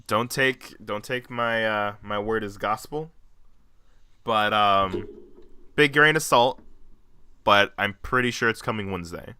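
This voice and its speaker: A man's voice: lowish voice, a little slow, long pauses, sharp tone, smooth, no room sound. A man in his twenties co-hosting a podcast in casual chat, joking and rambling with frequent laughs. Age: 20s. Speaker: podcast co-host.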